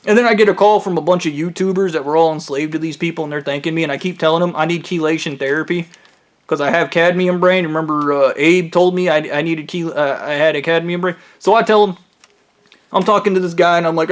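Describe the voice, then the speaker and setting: A man's voice: a little high, fairly even intonation, brisk. A man telling a rambling, profane personal story as a monologue, jumping between tangents.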